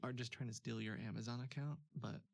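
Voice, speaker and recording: Gravelly, chatty man on a dry mic. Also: mid-range voice, steady tone, fast, no room sound. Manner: chatty, laughing often, many fillers. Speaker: streamer host. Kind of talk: casual chat.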